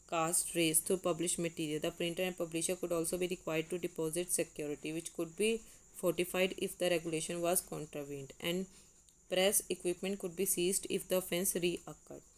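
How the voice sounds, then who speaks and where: A woman's voice: on the low side, a little mellow, low-quality recording. A woman with an Indian English accent gives an exam-prep lecture, reading quiz statements aloud and explaining them, with Hindi asides mixed in and frequent restarts on words. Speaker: teacher.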